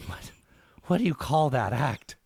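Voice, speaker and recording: A man putting on a raspy, gravelly comedian voice to tell a long, filthy joke with dramatic, halting repetitions. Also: mid-range voice, animated, darkish tone. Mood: gleeful storytelling. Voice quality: gravelly at times. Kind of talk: impression while telling a joke.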